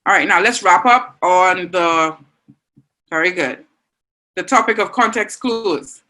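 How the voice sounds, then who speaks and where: A woman's voice: lowish voice, measured pace, pushed and bright, rough recording. Encouraging Bahamian woman teaching online. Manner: encouraging, reads out student answers. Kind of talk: online class lesson.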